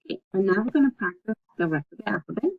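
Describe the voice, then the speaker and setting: A woman teaching a recorded language lesson, speaking slowly and patiently and repeating words so learners can practice. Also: medium pitch, expressive, creaky. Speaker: Spanish teacher. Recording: dull lo-fi recording.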